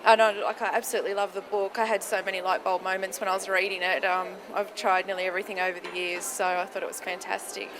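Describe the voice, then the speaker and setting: A woman gives a casual testimonial after a seminar. She sounds enthusiastic and uses fillers as she goes. Background noise is clearly heard behind her. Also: mid-range voice, little pitch movement, quick pace, few pauses. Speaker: seminar attendee giving a testimonial.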